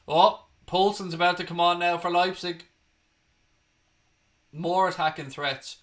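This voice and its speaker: A man's voice: a little high, pushed and bright. A young Irish man from Ireland hosting a football watchalong, giving live play-by-play mixed with blunt, sweary opinions and bursts of outrage. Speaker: watchalong host. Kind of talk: live match commentary and chat.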